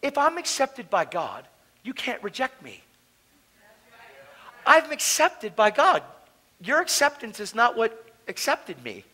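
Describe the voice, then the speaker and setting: A man telling his testimony at a conference, animated and casual, swinging between loud bursts and hushed asides. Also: extremely high pitch, slow pace, long pauses, poor audio. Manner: casual slangy talk. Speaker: conference speaker. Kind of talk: preaching personal testimony. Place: conference hall, live audience.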